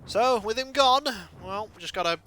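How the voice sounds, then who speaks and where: Lively, bright-voiced man streaming a game. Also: sits high, moderate pace, clear, resonant tone, faint music behind. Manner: chatty, muttering asides to chat. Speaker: streamer playing a life-sim game. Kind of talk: casual gameplay commentary.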